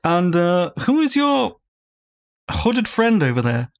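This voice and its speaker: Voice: medium pitch, sing-song, slow, pitched above the performer's own voice. A game master voicing a haughty, bougie magic sword that talks. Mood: puzzled posh. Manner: imperious, then confused and posh.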